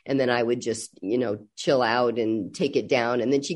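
Older woman, guest on a talk show, animated storyteller, acts out quotes. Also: a bass voice, moderate pace, hardly any pauses. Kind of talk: casual chat.

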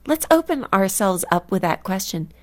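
A woman from California, a guest author speaking earnestly and reflectively in a faith radio interview, slowing down to stress key words. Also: medium pitch, very animated. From California, USA.

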